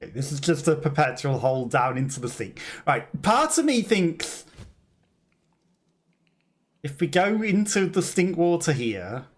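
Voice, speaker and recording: A man streaming a platform game and talking through it casually, rambling and poking fun at himself. His voice sits slightly high and moves around a lot in pitch. He chuckles freely between thoughts. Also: very animated, measured pace, husky. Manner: rambling, self-mocking, laughs often. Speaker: let's play streamer. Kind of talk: casual gameplay commentary.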